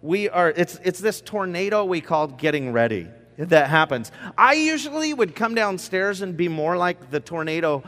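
A man's voice: sits high, animated, moderate pace, hardly any pauses, a bit bright, big-room sound. A man telling humorous stories to students in a conversational, self-deprecating way, with joking asides. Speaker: speaker addressing students. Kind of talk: humorous storytelling talk.

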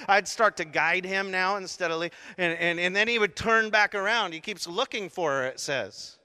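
Animated male pastor preaching in a hall. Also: sits high, fairly quick, hardly any pauses, clear, resonant tone. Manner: animated, acts out scenes with sudden shouts and hushed asides. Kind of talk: sermon. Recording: long reverb of a large hall.

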